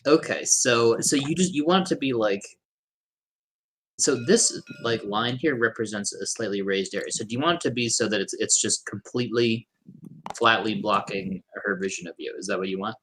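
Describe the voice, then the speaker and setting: A man's voice: fairly low pitch, normal speed, a bit bright, slight background noise. A man running a tabletop game as game master, giving matter-of-fact rulings and asking clarifying questions.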